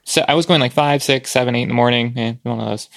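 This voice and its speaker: Gravelly guy on a podcast, thinking out loud, lots of likes and ums, dry sound. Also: mid-range voice, fast talker, no room sound. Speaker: podcast co-host. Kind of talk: casual chat.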